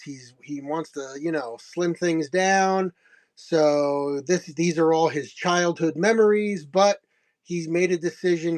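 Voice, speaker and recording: Middle-aged guy, stream host, loose chatty storyteller, slightly high voice, chuckles a lot. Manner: rambling, chuckling, acts out quoted dialogue. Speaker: host of a comics selling stream. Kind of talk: casual storytelling.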